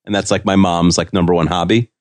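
Low-voiced man rambling in casual chat. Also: flat delivery, fast talker, dry recording, studio quality. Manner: rambling and hesitant, full of "like" and restarts. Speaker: podcast co-host. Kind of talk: casual episode recap chat.

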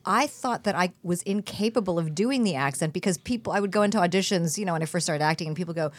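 A woman's voice: fairly low pitch, quick pace. A woman guest, an actress and comedian, telling stories earnestly and reflectively in a casual panel chat.

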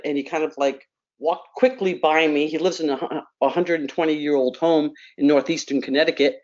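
A middle-aged woman on a radio talk panel telling a family story with animated delivery, repeating words and acting out quotes. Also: sits low, fairly quick, highs cut off. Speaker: panel guest.

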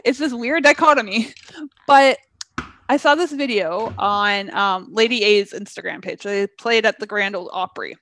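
A woman's voice: mid-range voice, normal speed, fairly bright tone, no room sound. A young woman co-hosting a casual chat podcast, breezy and laughing often as she lays out context. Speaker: podcast co-host.

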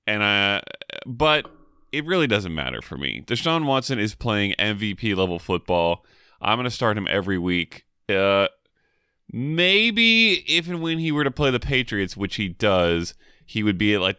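A man co-hosting a podcast, giving quick, animated opinions in casual sports chat. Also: fairly low pitch, clean tone, no room sound, studio quality. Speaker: podcast co-host.

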